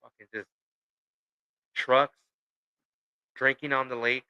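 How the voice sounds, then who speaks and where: A man with a very bright, forward voice, talking loosely and profanely on a podcast. He rambles through his stories, packing them with fillers. The audio sounds dull and a little lo-fi. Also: mid-range voice, level tone, slow, clear, resonant tone. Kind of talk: casual chat.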